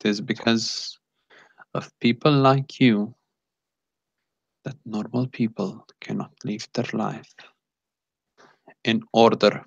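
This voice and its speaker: A man playing a cold, clinical male agent who speaks with eerie calm and no feeling, like a robot, in a tabletop game. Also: on the low side, slow, creaky, long pauses, husky, dry recording, highs cut off, heavily acted. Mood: cold menace. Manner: eerily calm, flat, robotic delivery.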